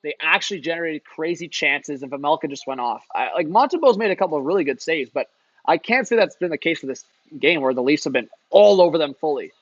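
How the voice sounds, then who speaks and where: A man's voice: a little high, expressive, fast talker, dry recording, highs cut off. Chatty guy streaming hockey. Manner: chatty, reads and answers chat, lots of "like" and "man". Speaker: live-stream hockey commentator. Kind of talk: casual live-stream commentary.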